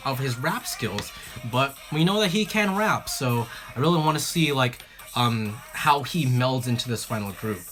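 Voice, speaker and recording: An excitable host talking casually on a livestream, full of fillers and quick restarts. The voice sits at a middling pitch, with faint music playing underneath. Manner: excitable, chatty, many fillers and restarts, giggly. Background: faint background music.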